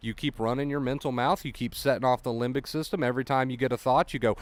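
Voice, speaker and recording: A man's voice: mid-range voice, quick pace, hardly any pauses, no echo. A man talking as an anxiety recovery coach, giving a blunt motivational monologue. He swears freely and repeats his points. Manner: blunt, profane, repetitive.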